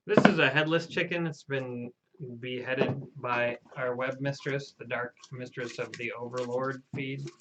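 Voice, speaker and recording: Deadpan man making mock prophecies. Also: mid-range voice, a little slow, few pauses, very noisy. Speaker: host playing the Hal character. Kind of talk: casual live-stream banter.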